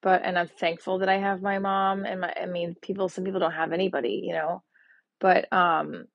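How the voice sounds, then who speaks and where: Husky, gravelly woman in her forties. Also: fairly low pitch, little pitch movement, brisk, no echo, highs cut off. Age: 40s. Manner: rambling and emotional, with restarts. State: sad and upset. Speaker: podcast host. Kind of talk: personal voice diary monologue.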